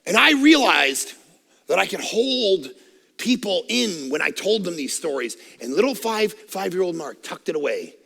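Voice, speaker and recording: A middle-aged man preaching a sermon on a headset mic, loud and energetic, with self-mocking humor. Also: sits high, moderate pace, creaky, big-room sound. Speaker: pastor. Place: church auditorium. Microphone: headset microphone.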